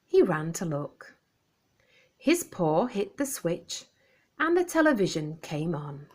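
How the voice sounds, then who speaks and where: A woman reads a children's picture book aloud, clearly and expressively for young children. Her pitch swings up and down with a lively lilt. She reads at an unhurried, slow pace. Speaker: storyteller.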